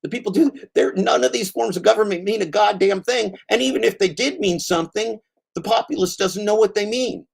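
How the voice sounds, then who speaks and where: A man's voice: high-pitched, fairly quick, vocal fry, husky. A man hosting his own channel, delivering a heated, profane rant and calling out a commenter by name. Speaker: channel host. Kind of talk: angry spoken rant.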